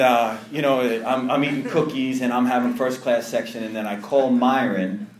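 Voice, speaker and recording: A man sharing a personal recovery story with an audience, animated and full of restarts. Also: mid-range voice, roomy sound, a little hiss or hum. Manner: animated, self-interrupting storyteller with many restarts. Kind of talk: storytelling testimony to a live audience.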